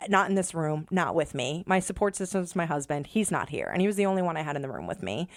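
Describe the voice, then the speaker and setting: A woman's voice: sits low, quick pace, dry recording, clean studio sound. A young adult woman, a podcast guest, telling her personal story with emotion and acting out remembered dialogue. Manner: animated, acts out remembered dialogue. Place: studio.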